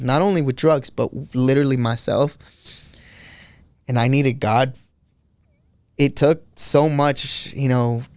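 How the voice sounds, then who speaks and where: A young man with a gravelly voice tells his personal testimony in animated storytelling, his voice jumping up when he quotes himself. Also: medium pitch, dry recording. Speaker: podcast guest sharing testimony.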